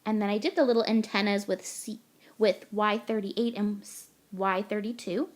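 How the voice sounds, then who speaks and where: A woman's voice: mid-range voice, fairly even intonation, moderate pace. A young woman from Canada, gushing and chatty as she talks through a card-making tutorial voice-over step by step.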